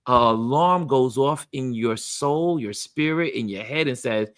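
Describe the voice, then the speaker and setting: A man hosting a casual motivational chat, talking about friendship in an animated way and acting out what people say. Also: medium pitch, a little slow, no room sound, clean studio sound. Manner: animated, acts out quoted voices. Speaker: host.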